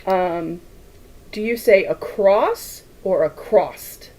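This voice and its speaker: On her quilting livestream, a woman with a mid-range, darkish voice chats easily while she sews, reading the chat aloud. She rambles from tangent to tangent at a slow, unhurried pace and laughs a lot, all over poor audio.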